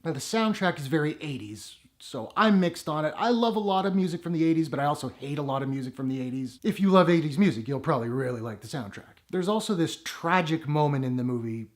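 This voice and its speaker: A man's voice: on the high side, animated, fast talker, few pauses. A man giving a casual, wry movie review to his viewers, with sarcastic asides. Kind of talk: casual spoken review to camera.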